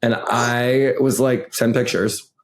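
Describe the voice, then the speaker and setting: A man's voice: medium pitch, takes it slowly. A man co-hosting a podcast, telling stories in casual chat and laughing easily. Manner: storytelling, animated, laughs easily. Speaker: podcast co-host.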